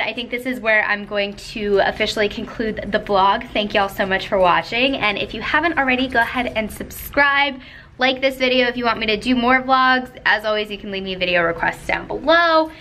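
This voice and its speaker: A young woman vlogging casually at home, chatty and quick, sometimes out of breath and cooing at her dogs in a high voice. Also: fairly bright tone, slight background noise. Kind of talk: casual vlog talk to camera. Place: at home indoors.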